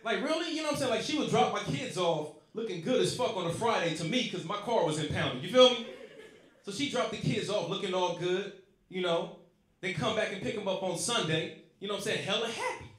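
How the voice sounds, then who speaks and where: A man's voice: high voice, lively intonation, brisk, fairly bright tone. A man from Los Angeles, telling profane, rowdy stories in a stand-up set. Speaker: stand-up comedian. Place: comedy club stage. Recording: echoey club with crowd laughter. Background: audience laughing.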